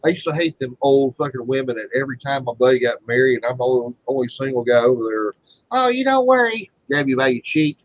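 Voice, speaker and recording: A man's voice: mid-range voice, steady tone, quick pace, hardly any pauses, lo-fi sound. A man hosting a livestream, telling rambling, profane stories in casual chat. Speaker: livestream host.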